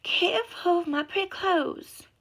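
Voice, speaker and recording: A woman reading a story aloud, voicing a desperate woman crying out for help from a riverbank in high, strained cries. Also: a little slow, fairly bright tone, exaggerated voice. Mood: fussy.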